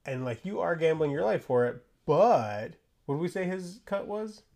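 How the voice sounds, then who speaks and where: A man's voice: on the high side, animated, normal speed, creaky, darkish tone. A man co-hosting a podcast in casual chat, talking loosely with many fillers and restarts. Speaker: podcast co-host.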